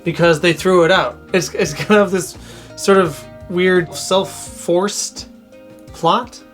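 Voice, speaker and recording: A co-host in a casual show review, playful and quick to laugh. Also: mid-range voice, a bit bright, faint music behind.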